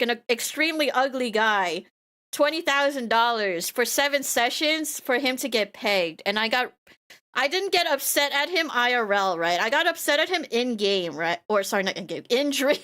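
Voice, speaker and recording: High, bright-voiced streamer woman. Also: normal speed. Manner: rambling, animated storytelling with laughs and repeated phrases. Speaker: VTuber streamer. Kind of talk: casual stream chat.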